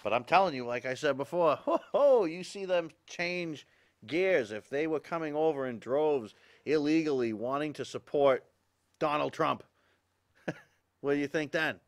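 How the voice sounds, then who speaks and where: Male local-TV host, slightly high voice, worked-up ranting delivery. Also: lively intonation, moderate pace. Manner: agitated, ranting, with exasperated laughs. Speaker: talk show host. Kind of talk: opinion commentary.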